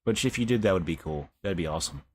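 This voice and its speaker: A young man talks loosely over his gameplay, cursing and tossing in bro. His voice sits a little low. Steady noise and clicks run under it. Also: fast talker. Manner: laid-back, swears, says bro a lot. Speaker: live streamer. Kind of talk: casual gameplay commentary.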